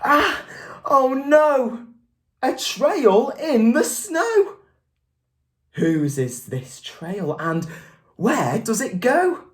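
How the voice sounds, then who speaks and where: A woman doing a little girl monster from a storybook, her voice jumping high and swinging all over as she asks excited, wide-eyed questions. She sounds small and brave but a bit nervous. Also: drawn-out words, long pauses, full character voice. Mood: anxious excitement. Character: small brave young female Gruffalo monster. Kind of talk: storybook reading aloud.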